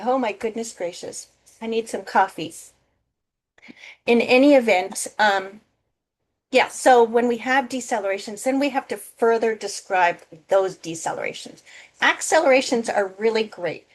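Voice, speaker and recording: Woman nursing teacher talking thru a lecture, kinda high voice, laid back, lots of "okay?". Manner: casual, checks in with frequent "okay?". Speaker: nursing instructor. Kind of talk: recorded lecture.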